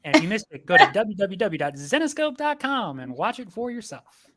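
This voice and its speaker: A man's voice: high voice, sing-song, a little fast, heavy background noise. A man hosting a streamed panel over a video call, introducing guests with playful wordplay. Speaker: host.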